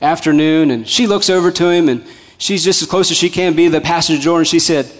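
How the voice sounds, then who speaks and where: A male pastor delivering a sermon in a rhythmic, repetitive style, swinging from loud emphasis to soft, hushed lines. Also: a little high, fast talker. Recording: long hall reverb.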